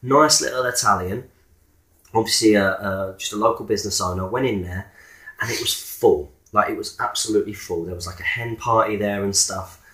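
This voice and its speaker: A man's voice: fairly low pitch, a little fast, fairly bright tone. A man co-hosting a podcast, chatting casually and retelling a night out with quoted dialogue. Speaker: podcast co-host. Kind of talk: casual chat. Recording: roomy echo.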